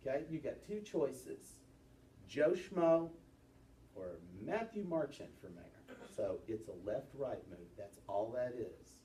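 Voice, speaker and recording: Male teacher, animated classroom lecture, distant mic, roomy. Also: medium pitch, a little hiss or hum. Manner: lively, quizzing students with quick questions. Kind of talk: classroom lesson on presentation gestures.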